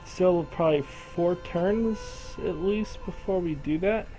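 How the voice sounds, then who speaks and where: Man voicing strategy-game commentary, slow and unhurried, thinks aloud, soft game music behind. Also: sits high, low-quality recording. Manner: thinks aloud, addresses game regions directly. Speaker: gameplay commentator.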